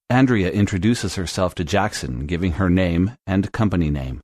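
A man with a very low, deep voice gives a scripted English lesson, speaking clearly and steadily. The recording is dry and close, with no room echo at all. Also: expressive, a little mellow. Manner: clear, measured instructional delivery. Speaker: language teacher.

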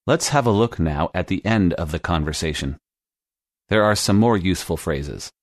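A man narrating a scripted English lesson podcast in a slow, clear teaching manner. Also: sits low, lively intonation, dry recording, clean studio sound.

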